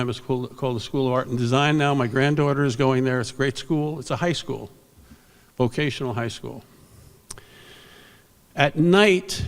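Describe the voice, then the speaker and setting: An older man telling rambling, animated anecdotes on stage at an awards ceremony, correcting himself as he goes, through a stage microphone in a convention hall. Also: medium pitch, vocal fry. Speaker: veteran comic book inker and speaker. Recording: long hall reverb.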